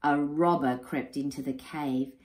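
Slow, expressive woman storyteller. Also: sits low. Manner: expressive, unhurried. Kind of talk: children's story read-aloud. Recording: roomy echo.

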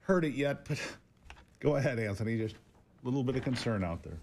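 A talk show host man with a lively, rising and falling voice, chatting casually and breaking into laughter as he talks. His delivery is loose, amused and conversational. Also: mid-range voice, fairly quick, a little hiss or hum. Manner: laughs often, cannot hold it together.

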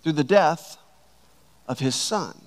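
A man preaching a sermon to his church, slow and emphatic, stretching out key words. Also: on the high side, animated. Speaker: pastor.

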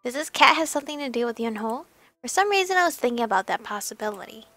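A woman's voice: fairly high pitch, lively intonation, fast, a bit bright, no echo, soft background music. A woman streamer reading a story game aloud and adding giggly, chatty asides.

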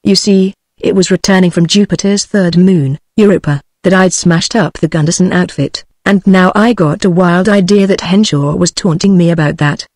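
A text-to-speech woman's voice with a British accent reading an audiobook in an even, synthetic manner. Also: on the low side, normal speed, few pauses, dry recording, studio quality. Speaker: audiobook narrator.

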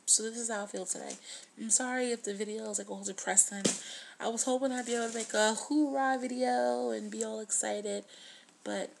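A woman in her twenties talking earnestly to the camera in a confessional video diary, sometimes dropping to a hush. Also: a little high, fairly even intonation, a little fast, gravelly, background noise. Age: 20s. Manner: earnest, heartfelt, drops to a hush at times. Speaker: vlogger.

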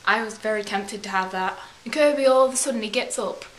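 She talks fast, with a medium-pitched voice: a young woman vlogger spinning meandering stories in a put-on English accent and repeatedly correcting herself. The delivery is chatty and casual, and the recording has room echo plus a faint hiss.

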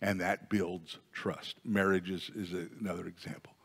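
A man's voice: sits low, level tone, normal speed, creaky, a bit bright, husky. A man preaching a sermon as pastor in a conversational way, rising to emphatic peaks. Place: church sanctuary. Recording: long church reverb.

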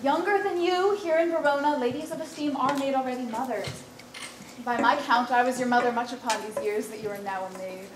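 A woman's voice: high voice, fairly quick, background noise, lightly acted. A woman playing a noble mother, declaiming formal verse in amateur stage acting. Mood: persuasive. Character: stately noble mother urging marriage. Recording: roomy stage recording.

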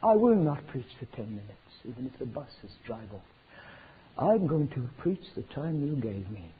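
A man preaching a sermon, swinging from loud fervent declarations to hushed near-whispers. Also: mid-range voice, very animated, normal speed. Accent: South African. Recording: tinny lo-fi sermon recording with faint noise.

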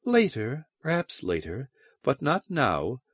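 A man voicing a seductive, mocking alien sorceress who speaks softly and playfully. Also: medium pitch, huge pitch swings, takes it slowly, breathy edge, dry recording, full character voice. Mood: teasing, soft. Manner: soft, purring, playful and cruel.

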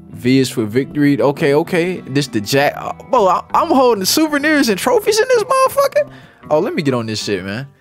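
A man giving casual, profane commentary while playing a video game, with loud outbursts and rambling asides. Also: a little high, huge pitch swings, fairly quick, music in the background. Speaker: gaming channel host.

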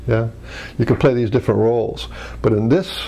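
A man's voice: mid-range voice, fairly quick, vocal fry, mellow. A man presenting a healing workshop lesson, talking in a rambling way with many restarts and fillers. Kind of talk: teaching commentary.

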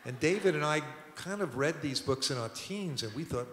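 Speaking at a measured pace with long pauses and big pitch swings, this older record producer from Brooklyn, New York, tells rambling studio anecdotes at a public talk, restarting and chuckling. His fairly high voice is heard over background noise in a museum auditorium whose roomy space creates a long reverb.

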